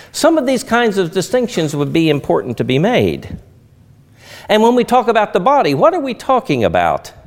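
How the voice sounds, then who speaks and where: A middle-aged man delivering a sermon, his voice sitting a little high for a man and leaping widely in pitch as he stresses points. He teaches by asking rhetorical questions and answering them himself. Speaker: preacher.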